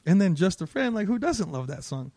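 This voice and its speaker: A man co-hosting a podcast, telling stories in a profane, laughing, animated way. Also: sits high, brisk, no room sound. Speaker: podcast co-host. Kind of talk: casual storytelling.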